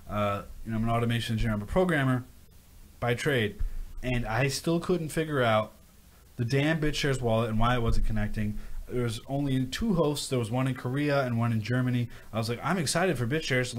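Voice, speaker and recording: Rambling male livestream host. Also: mid-range voice. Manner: rambling, animated rants with repeated phrases. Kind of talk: casual livestream chat reading viewer questions.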